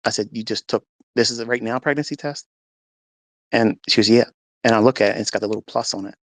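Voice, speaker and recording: Gravelly guy telling his story, dry close mic, gets fired up acting out the quotes. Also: medium pitch, fast, no room sound. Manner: earnest storytelling, acts out quotes with rising intensity. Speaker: host. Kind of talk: personal testimony to a live audio room.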